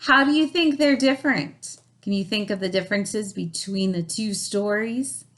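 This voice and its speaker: A woman reading a picture book aloud to children, gentle and storytelling, then chatting about the story. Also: mid-range voice, normal speed.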